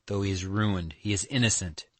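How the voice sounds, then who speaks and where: An earnest young man, played by a male reader in a classic audiobook, pressing his plea with merciless emphasis. The voice sits on the low side. It is recorded close and dry, with no room sound. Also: normal speed, no echo, close to an everyday voice. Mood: insistent. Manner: emphatic, pleading.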